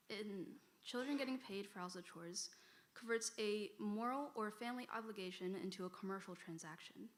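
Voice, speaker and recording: A female student debater making a rebuttal in a church hall, posing rhetorical questions to the audience. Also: medium pitch.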